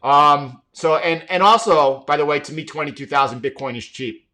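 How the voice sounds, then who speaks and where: With a slightly high, bright and forceful voice at a normal speed, a man runs a live trading stream. His market commentary is emphatic, marked by frequent repetitions and restarts.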